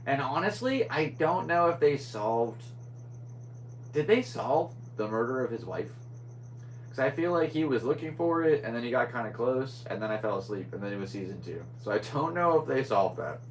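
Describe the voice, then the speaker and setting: A man's voice: mid-range voice, big pitch swings, moderate pace, slight background noise, poor audio. A young man hosting a casual solo podcast, rambling and scatterbrained as he chats. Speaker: podcast host.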